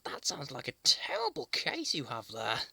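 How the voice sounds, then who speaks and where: Leo, a woman doing a calm toy leader. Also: rumbling low, gravelly, husky, dry recording, voice pushed down, exaggerated voice. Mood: concerned. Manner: gentle, thoughtful, slow and reassuring. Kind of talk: children's toy puppet show.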